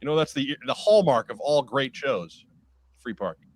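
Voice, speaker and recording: A man's voice: mid-range voice, animated, normal speed, dry recording. Easygoing male podcast host. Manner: conversational, hesitant with frequent "uh". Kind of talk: casual chat, reading announcements.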